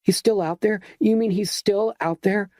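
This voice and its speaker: A man voicing a distraught young woman who shrieks and sobs in a very high-pitched voice. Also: steady tone, moderate pace, darkish tone, no echo, studio quality, natural voice. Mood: frantic.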